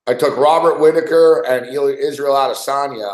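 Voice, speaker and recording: Recorded in an echoey room, a sports betting podcast host with a medium-pitched, darkish voice and moderate pace swears heavily while griping about his bets, a frustrated rant in casual betting talk.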